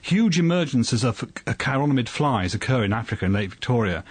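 A man appearing as a guest scientist in a radio studio, explaining things in an animated, anecdotal way. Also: medium pitch, fairly quick, husky, no echo.

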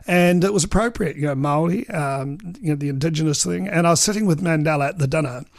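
Older kiwi guy, gravelly voice, rambling storyteller with lots of ums, pretty dry close sound. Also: a little high, fast, no room sound. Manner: chatty, full of ums and uhs, acts out quoted dialogue. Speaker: veteran political journalist. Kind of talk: anecdotal interview storytelling.

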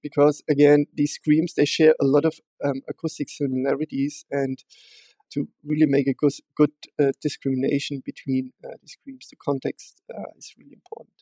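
Guest researcher, male, slightly higher voice, careful and halting. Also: flat delivery, dark tone, no room sound. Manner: measured, hesitant with many fillers and restarts. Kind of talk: explaining research in an interview.

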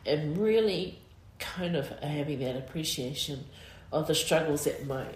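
A middle-aged woman with a New Zealand accent, speaking in an interview with many fillers, emotional and halting. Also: low-pitched, a little mellow, a little hiss or hum. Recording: roomy echo.

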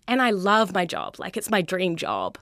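A young woman, a high school teacher talking candidly in an interview, earnest and chatty, full of "like" and "you know". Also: huge pitch swings, moderate pace, fairly bright tone, dry recording, clean studio sound. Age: 20s.

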